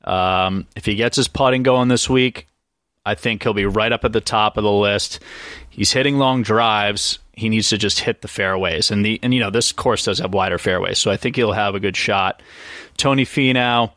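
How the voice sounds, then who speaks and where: A man's voice: on the low side, moderate pace, dry recording, clean studio sound. A man co-hosting a golf podcast, casually running through his picks with jokes and asides. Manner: relaxed, joking, rambling picks. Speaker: podcast co-host. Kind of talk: casual golf betting chat.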